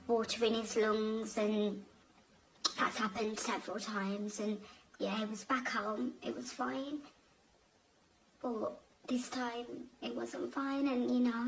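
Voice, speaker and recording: A young woman telling a personal family story in a halting, emotional way, with many restarts. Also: fairly high pitch, a little hiss or hum, poor audio. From Bangladeshi family. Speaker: guest telling her conversion story.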